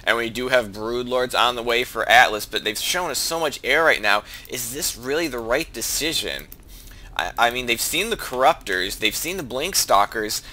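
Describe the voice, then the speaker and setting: A man's voice: mid-range voice, animated, moderate pace, bright, forceful tone. A man giving casual play-by-play commentary on a team strategy game he is playing, thinking aloud with many restarts, his voice lifting when fights break out.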